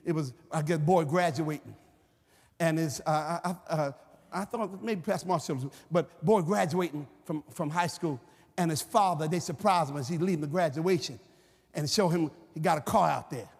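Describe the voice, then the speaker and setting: A pastor preaching a fervent, shouting sermon in repeated phrases. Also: male voice, on the high side, moderate pace, gravelly, slightly rough. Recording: reverberant church hall with music.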